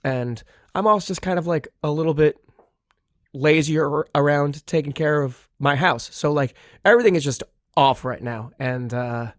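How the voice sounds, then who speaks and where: Hoarse man hosting a podcast. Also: on the high side, normal speed, no echo, clean studio sound. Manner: rambling, self-deprecating. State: hoarse from a cold. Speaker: podcast host. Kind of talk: casual podcast chat.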